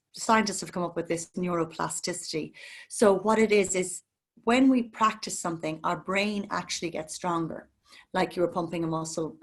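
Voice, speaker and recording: A woman guides a mindfulness practice over a video call in a calm, gentle voice. She slows down and softens as she leads the listener through their breathing, then explains the practice in a plain, steady way. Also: medium pitch. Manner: calm, gentle, slow guiding voice. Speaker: mindfulness instructor. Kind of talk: guided meditation. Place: home, online talk.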